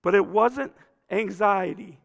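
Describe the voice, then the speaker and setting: A man with a very high, gravelly voice preaches in a church, his words ringing out in a long hall reverb. He talks to the room conversationally, rising to loud emphasis and then dropping to near hush. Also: takes it slowly. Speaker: pastor. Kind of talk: sermon. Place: church sanctuary.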